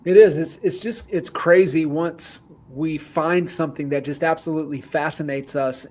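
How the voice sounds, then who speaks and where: A man's voice: fairly high pitch, poor audio. Enthusiastic man hosting a podcast. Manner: enthusiastic, rambling questions. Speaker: podcast host. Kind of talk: conversational interview.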